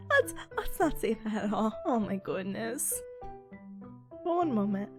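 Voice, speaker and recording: Young woman, streamer, sick nasal voice, giggly rambling chat, high and bouncy pitch. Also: big pitch swings, takes it slowly, over music. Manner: giggly, chatty, rambling with fillers.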